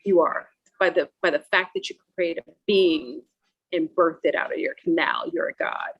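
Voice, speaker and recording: A woman's voice: fairly low pitch, lively intonation, moderate pace, gravelly, fairly bright tone, muffled recording. A woman hosting a spiritual call-in show, effusive and emotional, speaking affectionately to her callers. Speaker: host.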